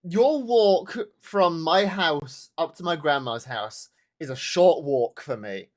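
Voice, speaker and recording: A man's voice: fairly high pitch, animated, slow pace. A young man from Britain co-hosting a podcast, chatting casually and stopping and restarting his sentences often. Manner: hesitant, many restarts and fillers. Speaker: podcast co-host. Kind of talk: casual chat.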